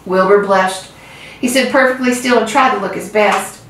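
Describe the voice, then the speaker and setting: A woman who hosts a reading channel, reading a children's book aloud with gentle storytelling. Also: mid-range voice, normal speed, slight background noise. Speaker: reader. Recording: roomy, far from mic.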